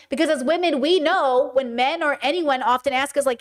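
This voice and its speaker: A woman's voice: sits high, fairly quick. A woman streamer giving passionate, direct commentary on a livestream, reading her chat aloud and answering it. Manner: passionate, direct, animated argument; reads out chat messages and answers them.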